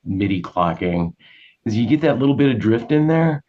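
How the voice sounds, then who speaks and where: A man co-hosting a livestream, talking in a relaxed, thoughtful way. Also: medium pitch, normal speed. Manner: relaxed, thoughtful, many "you know" fillers. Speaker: co-host. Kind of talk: casual livestream chat. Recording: dull lo-fi audio.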